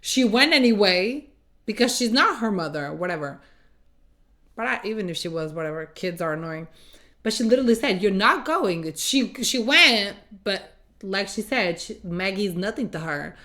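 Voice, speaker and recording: A woman's voice: mid-range voice, expressive, moderate pace, sharp tone. A woman hosting a reaction video, giving casual commentary in a blunt, sarcastic, exasperated way.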